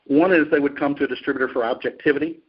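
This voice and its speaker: A male executive being interviewed, answering in a measured, explanatory way with frequent fillers. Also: a little high, steady tone, breathy edge, muffled recording. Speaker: industry executive guest. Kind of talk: business interview.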